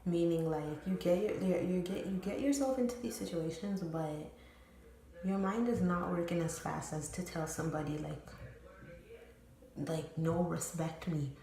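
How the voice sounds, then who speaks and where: A woman's voice: fairly low pitch, moderate pace, creaky, dark tone. A young woman telling a candid, rambling personal story to her viewers, full of fillers and swearing. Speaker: storytime vlogger. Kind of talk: casual storytelling. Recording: very echoey room.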